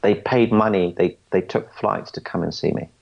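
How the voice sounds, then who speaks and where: A man in his forties talks through his story in a low, gravelly voice. He is earnest and often stumbles and restarts his sentences. The audio sounds muffled and lo-fi. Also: fairly even intonation, normal speed. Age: 40s. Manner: earnest, stammers and restarts, quotes others. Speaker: podcast guest. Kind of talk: storytelling interview answers.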